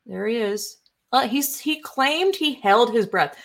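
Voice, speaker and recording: A woman's voice: on the high side, lively intonation, measured pace, vocal fry. A young woman giving casual, rambling commentary on online posts, indignant and profane, with many fillers. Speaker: political commentary streamer. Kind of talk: casual ranting commentary while browsing posts.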